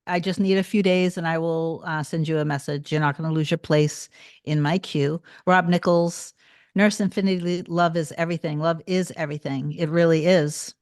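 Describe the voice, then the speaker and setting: Woman, low voice, tired, casual livestream chat, greets viewers, repeats phrases, dry sound. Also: steady tone, moderate pace, a little mellow, clean tone, dry recording. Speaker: manifestation coach hosting a livestream.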